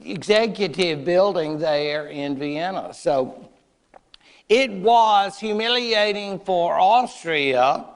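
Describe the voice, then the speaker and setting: High-voiced, unhurried male history lecturer. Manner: chatty and wry, with playful asides. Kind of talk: lecture to adult learners.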